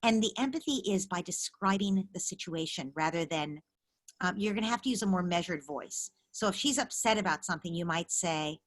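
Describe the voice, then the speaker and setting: A woman's voice: on the low side, lively intonation, brisk. A middle-aged woman hosting a parenting call-in session, giving empathetic, direct advice to callers over a video call. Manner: warm coaching, empathetic and direct. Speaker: parenting expert hosting call-in office hours.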